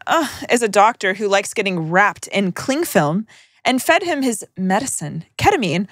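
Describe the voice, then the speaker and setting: A woman's voice: medium pitch, sing-song, normal speed, no room sound, clean studio sound. A young woman co-hosting a podcast, reading listener stories aloud with wry, sardonic asides. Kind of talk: casual chat, reading aloud.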